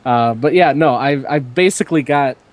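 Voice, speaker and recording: A man's voice: medium pitch, normal speed. A young man hosting a podcast, telling a rambling story in casual chat with lots of fillers. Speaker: podcast host.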